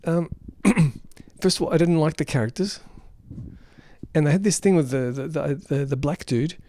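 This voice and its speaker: A man's voice: a little high, moderate pace, mellow. A man giving an unrehearsed film review, rambling and exasperated.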